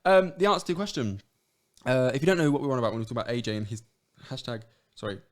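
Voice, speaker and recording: Fast-talking laid-back man. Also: medium pitch. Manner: laid-back banter, says "bro" a lot. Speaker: podcast co-host. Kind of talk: casual chat.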